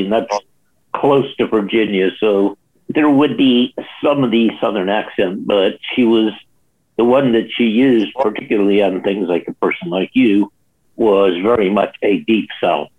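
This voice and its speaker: Low-voiced man on a tinny phone line. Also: unhurried. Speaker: interviewee in an archive clip. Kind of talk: recorded interview.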